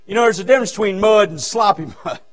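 High-voiced shouting preacher. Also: male voice, lively intonation, quick pace. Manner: fervent, shouting, folksy. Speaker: guest revival preacher. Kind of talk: revival sermon. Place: church sanctuary.

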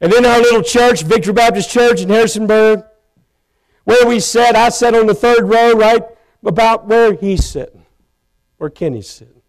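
High-voiced gravelly preacher. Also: male voice, moderate pace. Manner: emotional storytelling, rises to loud pleading. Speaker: pastor. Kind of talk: sermon testimony. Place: church sanctuary.

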